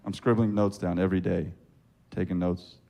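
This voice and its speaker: A man doing stand-up on a club stage, telling self-mocking stories in a deadpan way. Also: sits low, normal speed, creaky, lo-fi sound. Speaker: stand-up comedian. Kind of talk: stand-up comedy.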